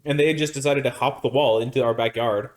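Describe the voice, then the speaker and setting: A man from Arizona who co-hosts a podcast, spinning a long anecdote in casual chat. His voice sits at an ordinary middle pitch, and he rambles along with plenty of restarts and fillers. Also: fast. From Arizona, United States. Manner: rambling, animated storyteller with many restarts and fillers. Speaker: podcast co-host.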